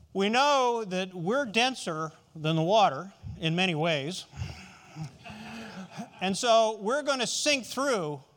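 Lively-voiced male preacher. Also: high voice. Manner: conversational, asks the listeners questions. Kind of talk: sermon.

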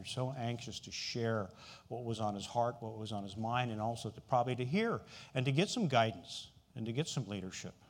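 A man preaching a sermon in a conversational way, often asking the listeners questions. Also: medium pitch.

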